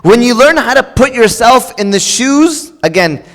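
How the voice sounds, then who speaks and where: A middle-aged man preaching with a notably high voice, his words trailing into the long reverb of a church hall. He talks casually and with animation, slipping into raised voices to act out quarrelling spouses. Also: expressive, a little slow, a bit bright. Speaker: pastor. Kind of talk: sermon.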